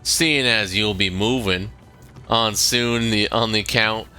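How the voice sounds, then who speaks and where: A man reading aloud the lines of a folksy old male village sheriff, slow and halting. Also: lowish voice, pushed and bright, faint music behind, exaggerated voice. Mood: friendly. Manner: slow, halting read-aloud of game dialogue.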